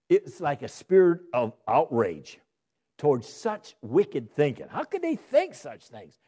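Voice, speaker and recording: A man's voice: on the high side, mellow. A man preaching an expository sermon, reading scripture aloud emphatically and posing rhetorical questions to his listeners. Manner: reads scripture aloud slowly and emphatically, then explains it; asks and answers rhetorical questions.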